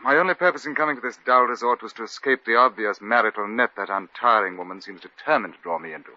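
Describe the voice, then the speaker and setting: An actor playing a bored, suave lord with a dry, languid upper-class drawl, in 1940s radio comedy. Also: male voice, mid-range voice, fast talker, bright, forceful tone, no echo. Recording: dull lo-fi old radio recording.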